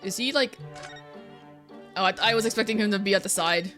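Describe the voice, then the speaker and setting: A young woman streamer giving casual, joking commentary with quick asides while she plays a game. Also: mid-range voice, fairly bright tone. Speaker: let's play streamer. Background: game music.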